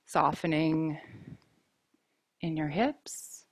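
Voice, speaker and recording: A woman teaching a yoga class, giving calm, mindful cues about breath and poses while wearing a mic. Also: deep voice, background noise. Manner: calm, slow, mindful cueing. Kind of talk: guided yoga class instruction.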